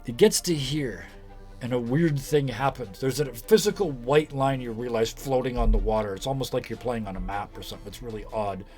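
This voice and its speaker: A man's voice: medium pitch, brisk, darkish tone, faint music behind. A man narrating as game master, loose and joking, laughing often.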